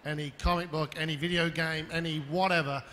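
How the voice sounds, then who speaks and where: Stage host: brighter, higher-pitched man, brisk and jokey; hall reverb with a faint crowd murmur. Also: steady tone, slight background noise. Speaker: panel host. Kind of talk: hosting a convention stage. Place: large convention hall stage.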